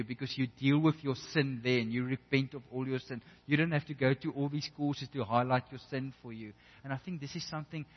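A man preaching a sermon in an earnest way, often restarting and repeating words as he builds a point. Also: mid-range voice. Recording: echoey hall, dull lo-fi sound.

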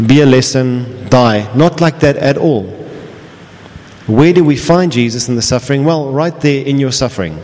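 A man's voice: medium pitch, moderate pace, darkish tone. A man preaching a sermon as pastor, earnest and often restarting his phrases. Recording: long reverb of a large hall.

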